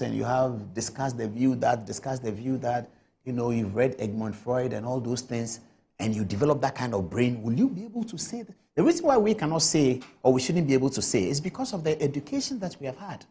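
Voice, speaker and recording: A woman's voice: extremely low pitch, warm tone, a little hiss or hum. Woman scolding on a TV panel. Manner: rhetorical, repeated questions, scolding. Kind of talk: impassioned political commentary on TV. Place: TV studio.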